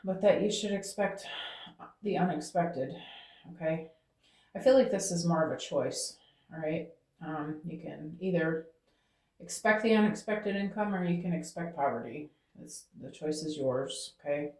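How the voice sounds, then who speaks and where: A tarot reader delivers a channeled reading to viewers, speaking aloud to Spirit and tacking "okay?" onto her phrases. The voice is medium-pitched, a little slow, and darkish in tone, recorded with a roomy echo.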